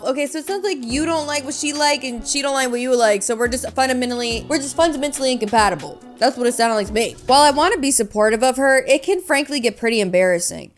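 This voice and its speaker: High-voiced, sarcastic woman podcaster. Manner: animated, profane, sarcastic asides. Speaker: podcast host. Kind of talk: casual reading of online stories with commentary.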